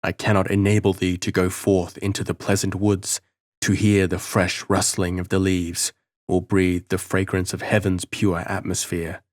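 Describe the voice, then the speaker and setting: A man's voice: low-pitched, completely flat delivery, moderate pace, no room sound, studio quality, lightly acted. A man voicing a desperate imprisoned monk crying out. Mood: pitying. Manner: anguished, declamatory.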